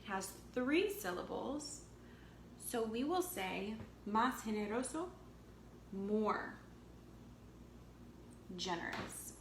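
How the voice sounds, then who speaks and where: Slow, deliberate woman teaching English. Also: mid-range voice, expressive. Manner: slow, deliberate, repeats words and translates into Spanish. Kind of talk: slow bilingual language lesson. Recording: echoey room with faint background noise.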